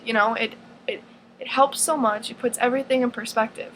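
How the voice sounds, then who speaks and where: A woman's voice: a little high, steady tone, a little fast, fairly bright tone, a little hiss or hum, rough recording. A teenage girl in her own advice vlog, talking earnestly and rambling, with lots of fillers and restarts. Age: teens. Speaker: vlogger.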